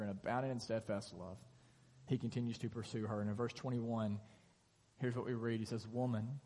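A man preaching a sermon as pastor, telling the scripture story in a lively way and acting out its dialogue. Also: mid-range voice, long reverb tail. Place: church sanctuary.

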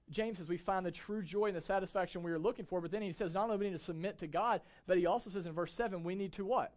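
A man's voice: high-pitched, fast talker, hardly any pauses, a little mellow. A young adult man giving a church sermon as pastor, speaking with emphasis and asking the congregation frequent rhetorical questions.

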